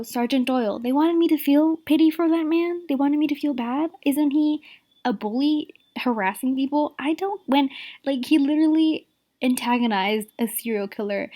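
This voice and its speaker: Woman, native Spanish speaker, casual reviewer, exasperated rant, slightly high voice. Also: dark tone. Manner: exasperated, rapid, repeats "like" and "the thing is". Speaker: show reviewer.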